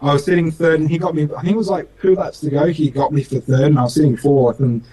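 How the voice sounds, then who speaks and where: A man's voice: fairly high pitch, fairly even intonation, fast, warm tone, slightly rough, poor audio. A young man with an Australian accent, telling racing stories in a casual interview in an earnest, rambling way, full of fillers. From Western Australia. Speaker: racing driver guest.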